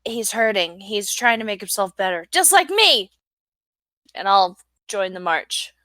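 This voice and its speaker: Bright, slow-talking woman player. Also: mid-range voice, animated, dry recording. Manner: joking, playful. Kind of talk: tabletop game play.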